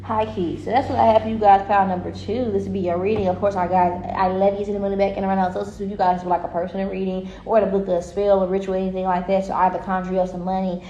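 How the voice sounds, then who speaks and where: A woman reading tarot in a loose, casual monologue, blunt and full of swearing as she tells her stories. Her voice is mellow and dark-toned. The sound is roomy and a little dull. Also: medium pitch, fast talker, hardly any pauses, slight background noise. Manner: blunt, heavily profane, animated storytelling. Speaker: tarot card reader.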